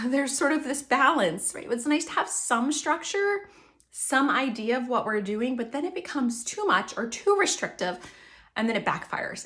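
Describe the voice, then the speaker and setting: Brief: woman podcast host, faith-based wellness coaching, slightly high voice, acts out self-talk. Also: a bit bright.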